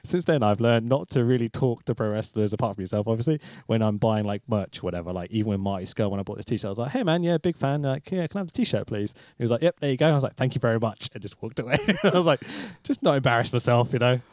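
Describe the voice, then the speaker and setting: A man's voice: mid-range voice, fast, few pauses, darkish tone, no room sound, studio quality. A young man, chatting as a podcast guest, telling stories with lots of laughter and swearing. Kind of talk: casual chat.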